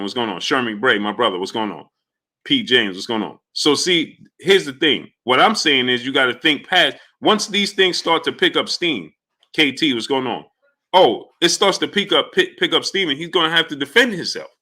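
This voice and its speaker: A man hosting a live stream, greeting viewers by name and ranting with heat. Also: fairly high pitch. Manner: animated, heated, shouts out chat names. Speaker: livestream host.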